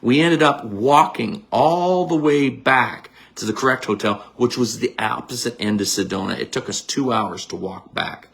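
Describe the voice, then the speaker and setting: A middle-aged man with a gravelly, creaky voice leads his listeners through a guided visualization. He talks in an energetic, blunt and casual way, pushing and coaching them as he goes. His pitch sits in an ordinary middle range for a man. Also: moderate pace, hardly any pauses. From Canada. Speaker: psychic medium.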